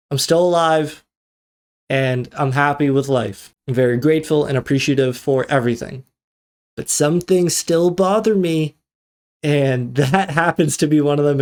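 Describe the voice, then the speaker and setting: A man's voice: fairly high pitch, a little mellow. A man hosting his own tech podcast, talking casually and ranting through a story with quoted asides. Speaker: podcast host. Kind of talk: casual solo podcast monologue.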